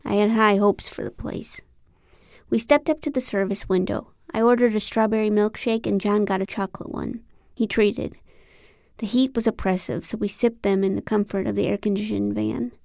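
A woman narrating a novel in the first person, with a wry, deadpan delivery. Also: mid-range voice, moderate pace, vocal fry, no room sound, clean studio sound. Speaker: audiobook narrator.

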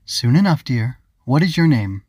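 A man's voice: medium pitch, very animated, normal speed, a little mellow, slightly rough, dry recording, studio quality. Man doing a prim, fussy little bug creature. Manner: formal and proper, calls others dear.

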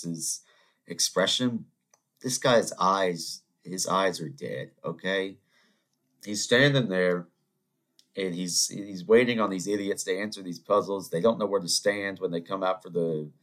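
A man hosting a solo podcast, telling rambling anecdotes in an animated, conversational way. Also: low voice. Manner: animated storytelling, rambling asides, mock voices. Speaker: podcast host. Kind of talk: solo ranting monologue.

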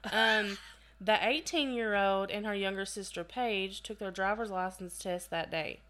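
A woman's voice: medium pitch, a little slow, a bit bright. A woman co-hosting a casual podcast, reading case notes aloud and breaking off into chatty asides. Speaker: podcast co-host.

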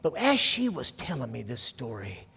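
A man preaching a sermon as pastor, telling a story quietly and then building to loud, fervent preaching. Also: mid-range voice, wildly swooping pitch, normal speed, vocal fry, slightly rough, long reverb tail.

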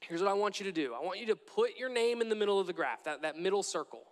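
A man's voice: sits high, lively intonation, fast, long reverb tail. A young man preaching a sermon in a church, earnest and repetitive, often restarting his phrases.

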